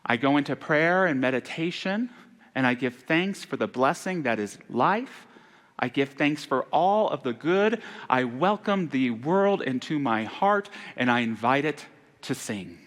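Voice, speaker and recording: A man delivering a Sunday sermon as minister, earnest and turning hushed on sorrowful passages. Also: medium pitch, expressive, unhurried. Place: church sanctuary. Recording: long hall reverb in a church.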